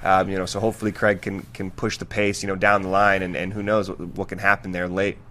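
Low bright-voiced man, hesitant. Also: flat delivery, fast, slight background noise. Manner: hesitant, many fillers and restarts. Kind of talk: casual podcast chat.

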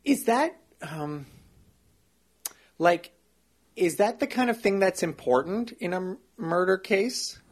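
A man playing a timid, slow-talking male deputy mayor in an improvised comedy, meek and eager to please. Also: high-pitched, lively intonation, heavily acted. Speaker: improv guest.

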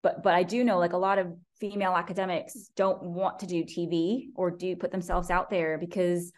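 American woman, academic guest; conversational, animated, does little voices for quotes. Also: fairly low pitch, brisk. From United States. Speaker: professor and guest. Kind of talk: conversational interview.

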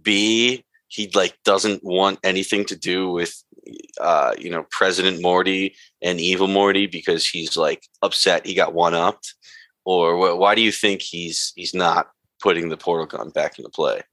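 A man's voice: low-pitched, moderate pace, bright, forceful tone, no room sound. A man co-hosting a casual recap chat, eagerly putting questions to the others. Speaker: podcast co-host.

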